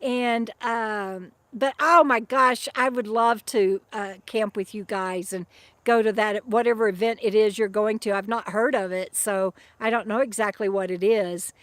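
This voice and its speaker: A woman's voice: mid-range voice, steady tone, unhurried, a bit bright, dry recording. A middle-aged woman vlogging from her van campsite, chatting loosely with viewers, often restarting her sentences and breaking off to fuss over her dog. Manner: rambling and chatty, with many restarts and fond asides to her dog. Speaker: vlogger and author living in a van. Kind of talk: casual livestream chat reading viewer comments.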